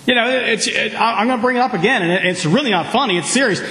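A man preaching a sermon in a church, with call-and-response and sudden loud outbursts. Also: high-pitched, fast talker, echoey room, a little hiss or hum, low-quality recording. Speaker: pastor.

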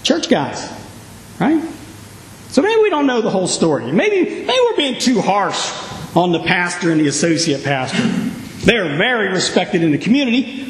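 A man preaching a sermon, telling the story with lively, acted-out reactions. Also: high-pitched, normal speed. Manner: animated storytelling, acting out reactions. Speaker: pastor. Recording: echoey hall.

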